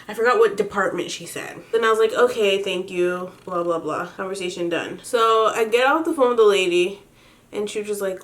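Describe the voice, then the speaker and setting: A young woman chatting to her viewers while doing her makeup at home, telling a story in an animated way, laughing often and swearing casually. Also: mid-range voice, moderate pace. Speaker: beauty vlogger.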